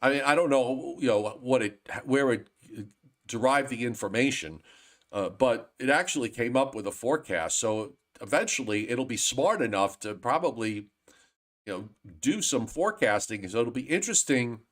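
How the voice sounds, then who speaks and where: Rambling older meteorologist host. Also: male voice, mid-range voice, lively intonation, normal speed, fairly bright tone. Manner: rambling with many restarts. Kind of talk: casual chat.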